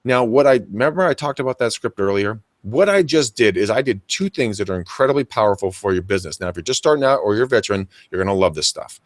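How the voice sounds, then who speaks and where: A man's voice: fairly low pitch, animated, quick pace, hardly any pauses, no echo. A man, a real estate agent co-hosting a show, coaching listeners with energy and acting out both sides of conversations with buyers. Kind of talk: energetic coaching talk with acted dialogue.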